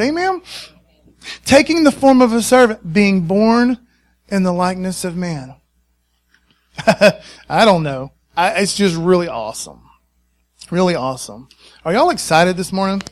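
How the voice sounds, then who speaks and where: A man preaching a sermon, excited and conversational, often calling out to the congregation for a response. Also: high voice.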